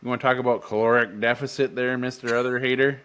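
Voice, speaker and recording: A man's voice: medium pitch, steady tone, fast, fairly bright tone, clear, resonant tone. A young man co-hosting a podcast in casual chat, jokey and self-mocking, with playful gasps. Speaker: podcast co-host.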